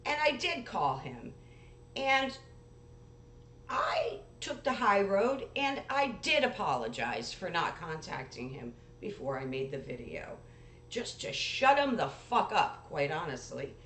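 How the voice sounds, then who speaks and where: Animated, blunt-talking woman host. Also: mid-range voice, takes it slowly. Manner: blunt and profane, reads out messages in an animated way. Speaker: paranormal channel host. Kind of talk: recounting a dispute to viewers. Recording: echoey room with faint noise.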